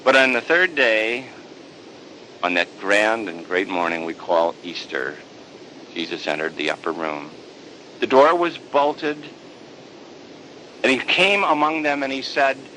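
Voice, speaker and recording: A priest telling a sermon story with animated, dramatic delivery. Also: male voice, medium pitch, unhurried, a little hiss or hum, poor audio.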